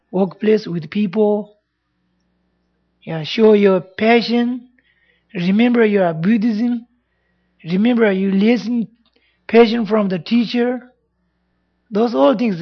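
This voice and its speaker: A man's voice: high-pitched, muffled recording. A man who is not a native English speaker, giving an informal Buddhist talk, earnest and repetitive, often checking in with "yeah?". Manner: earnest, repeats phrases, frequent "yeah?" checks. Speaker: Buddhist teacher.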